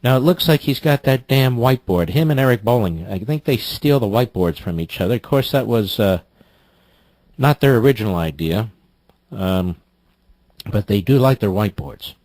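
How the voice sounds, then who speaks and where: A man's voice: on the low side, expressive, moderate pace, darkish tone, no echo. A man hosting a talk radio show, emphatic and opinionated as he takes callers.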